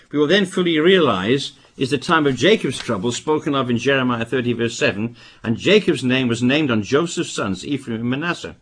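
An older man from Britain preaching a sermon, with emphatic bursts and quieter asides. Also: mid-range voice, lively intonation, moderate pace, husky. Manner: emphatic, rising to stress warnings, then dropping to asides.

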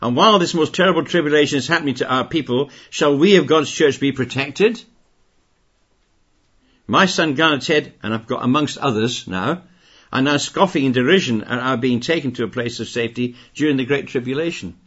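A man's voice: medium pitch, brisk, fairly bright tone, husky. An older man preaching a sermon, stressing key points by repeating phrases and raising his voice on them. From Britain. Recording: dull lo-fi recording.

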